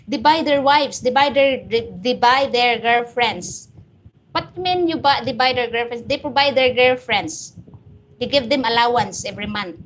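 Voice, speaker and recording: Woman with filipino accent, live stream host, blunt, preachy, fairly high pitch. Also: slight background noise. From Philippines. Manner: blunt, preachy, straight-talking. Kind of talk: live stream chat, answering viewer comments.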